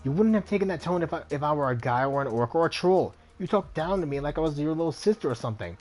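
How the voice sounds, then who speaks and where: A hot-tempered young hacker woman, as a man puts her on in a higher, strained pitch with quick, sharp retorts. She sounds indignant and combative throughout, and faint music sits under the voice. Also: steady tone, natural voice.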